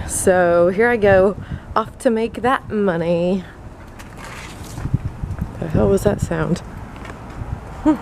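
A woman's voice: medium pitch, noisy background. A young woman vlogging in a chatty, exasperated way, full of filler words. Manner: chatty, exasperated, many likes. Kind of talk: casual vlog chat.

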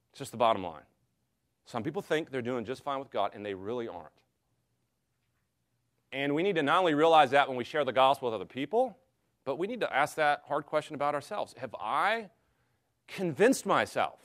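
American man teaching a Bible study. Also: medium pitch. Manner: earnest, conversational teaching with rhetorical questions. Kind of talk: classroom Bible study lecture.

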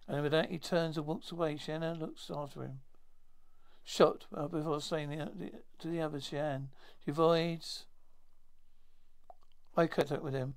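A man retelling a science fiction episode aloud in a halting way, with many restarts and self-corrections. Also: on the high side, fairly even intonation, vocal fry, smooth. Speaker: storyteller.

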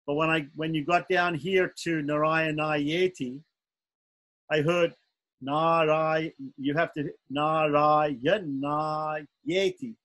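A man's voice: on the high side, fairly even intonation, slow, fairly bright tone, low-quality recording. Patient man teaching chanting syllables. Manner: patient, corrects himself often, spells out syllable lengths. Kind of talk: online chanting lesson.

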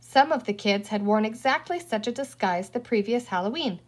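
A woman reading a children's novel aloud in an expressive storytelling voice. Her pitch sits a little high and moves a great deal, rising and falling through each sentence. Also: normal speed. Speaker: audiobook reader. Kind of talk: children's book read aloud.

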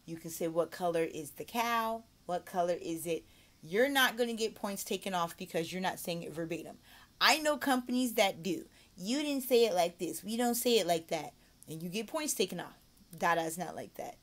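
A woman's voice: medium pitch, lively intonation. A woman giving a mock online English lesson, switching between explaining to viewers and a sing-song voice modeling praise and phrases for young learners. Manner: slow, drawn-out model phrases. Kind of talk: mock teaching demo with explanation.

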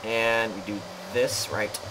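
A man's voice: fairly low pitch, steady tone, slow pace. A man hosting a let's play, rambling and joking to himself as he plays, self-mocking and chatty. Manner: rambling, jokey, self-mocking, talks to himself while playing. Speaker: gaming channel host. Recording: clear background noise.

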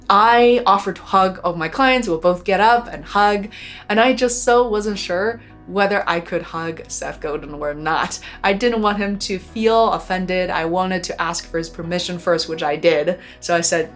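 A woman, a documentary filmmaker, telling a personal story in a reflective vlog, earnest and heartfelt, often pausing on fillers. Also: medium pitch.

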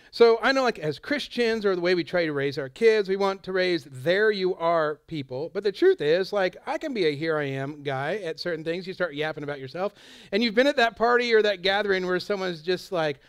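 A man with a high, smooth and resonant voice preaches a chatty, informal sermon. He keeps drifting into asides and quick quoted lines. The sound is dry and close. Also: animated, dry recording. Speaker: pastor.

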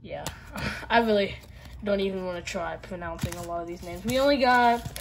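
A woman's voice: mid-range voice, moderate pace, vocal fry. A woman with a Southern US accent chats easily with her viewers, leaning on fillers as she goes. A faint hiss sits under her voice, with wrappers crinkling close by. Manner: chatty, filler-heavy, talking to viewers. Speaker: card-opening vlogger. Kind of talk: casual pack-opening chat.

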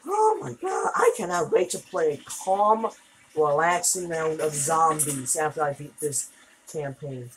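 A woman doing let's play commentary, exasperated and swearing, with loud outbursts. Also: low voice, big pitch swings, measured pace, a little hiss or hum, low-quality recording. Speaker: gameplay video creator.

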